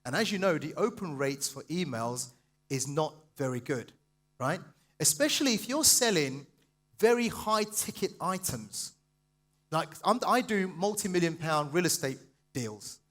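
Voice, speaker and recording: A man giving a passionate, fast sales seminar and quizzing the audience. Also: a little high, big pitch swings, fairly bright tone. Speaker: sales trainer speaking at a seminar. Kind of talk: live motivational seminar talk.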